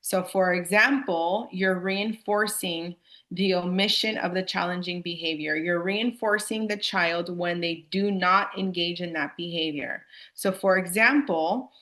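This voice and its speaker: A woman's voice: lowish voice, fairly bright tone. A young adult woman leads a staff training on student behavior and talks to her audience in a casual, chatty way. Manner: casual, chatty, addresses audience as "you guys". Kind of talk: live staff training presentation.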